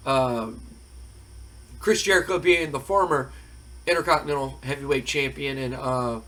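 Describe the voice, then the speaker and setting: A man's voice: mid-range voice, moderate pace, fairly bright tone. A man hosting and narrating a simulation game in a rambling, colloquial way. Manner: rambling, colloquial storytelling with fillers. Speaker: game host.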